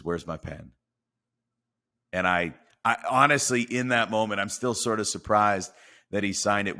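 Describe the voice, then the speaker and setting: Very deep-voiced man telling a sales story. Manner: animated storyteller acting out dialogue. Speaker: podcast guest. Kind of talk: storytelling in a podcast interview.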